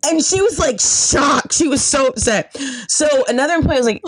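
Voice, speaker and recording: Woman, lively swooping pitch, slightly high voice, dry close sound, storytelling with laughs. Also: moderate pace, no echo, low-quality recording. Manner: animated, acts out voices, laughs often. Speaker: podcast guest comedian. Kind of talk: casual storytelling chat.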